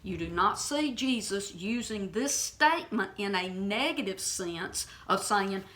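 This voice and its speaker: A woman's voice: mid-range voice, expressive, a little slow, fairly bright tone. A woman giving an impassioned, informal Bible teaching. She is blunt and emphatic and keeps checking in with her listeners.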